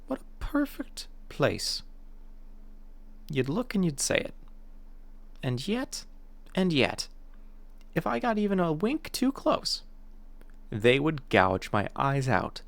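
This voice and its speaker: A man putting on a high-pitched mock Irish accent, telling a theatrical, sing-song tale. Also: huge pitch swings, slow pace, creaky, pauses often, dry recording, full character voice. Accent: put-on Irish.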